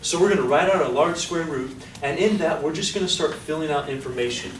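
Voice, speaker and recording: A statistics lecturer with a fairly high-pitched voice talks a little fast during a classroom lecture. Upbeat, he quizzes his students and coaxes answers out of them. The recording is echoey, with a distant mic and background noise.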